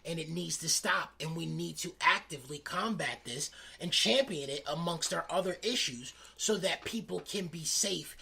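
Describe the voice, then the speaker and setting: A woman's voice: low voice, normal speed, creaky, hardly any pauses, sharp tone, husky. A woman co-hosting a podcast, stating blunt, emphatic opinions. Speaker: podcast co-host. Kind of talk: casual podcast chat.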